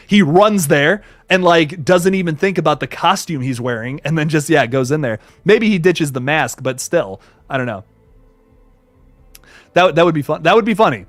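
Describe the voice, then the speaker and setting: A young man hosting a casual livestream, reading viewer comments aloud and reacting in an animated way, with frequent swearing and self-corrections. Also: fairly high pitch, dry recording. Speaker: livestream host.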